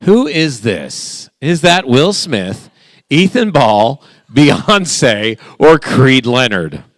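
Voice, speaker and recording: A man's voice: mid-range voice, big pitch swings, no room sound, clean studio sound. A man hosting a guessing game for a church youth group, playful and teasing with the teens. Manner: playful, teasing, quick back-and-forth with the group.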